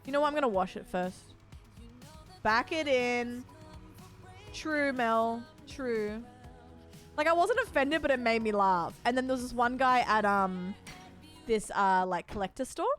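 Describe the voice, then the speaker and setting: A woman from Australia with a soft Australian accent, chatting casually with her viewers while streaming a game. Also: a little high, animated, a little slow, pauses often, soft background music. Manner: chatty storyteller, talks to her chat by name. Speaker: livestreamer.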